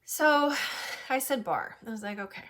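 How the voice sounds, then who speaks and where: A woman from New Hampshire telling a story in casual chat, animated and swearing, laughing often. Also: fairly high pitch, measured pace. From New Hampshire, USA. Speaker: podcast host.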